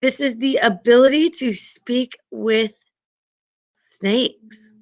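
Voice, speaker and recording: A woman's voice: a little high, slow pace, rough recording. A woman teaching a class, patiently explaining and often checking in with her students.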